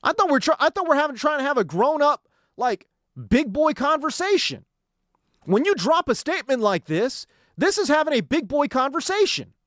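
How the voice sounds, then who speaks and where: A man hosts a sports talk radio show in a studio, and his pitch jumps and dips with energy as he talks. His delivery is slangy and sarcastic. The sound is dry and close. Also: very animated, moderate pace, a bit bright, no echo.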